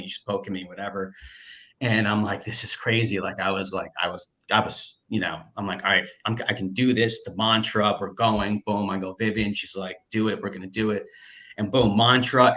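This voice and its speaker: Excitable man with a bright, lowish voice. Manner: excitable, lots of filler words and restarts. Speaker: storyteller recounting a personal experience. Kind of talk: casual conversational storytelling.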